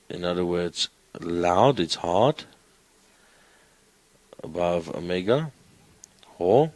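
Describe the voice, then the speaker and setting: A man's voice: low voice, dry recording, low-quality recording. A man teaching a Greek class, coaxing students with questions. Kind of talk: classroom lecture.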